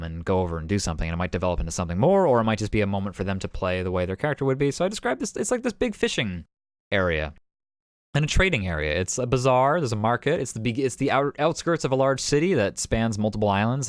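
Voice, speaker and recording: A game master with a fairly low voice goes over a tabletop session from his home streaming setup, rambling casually with lots of fillers and false starts. The recording is dry and studio quality.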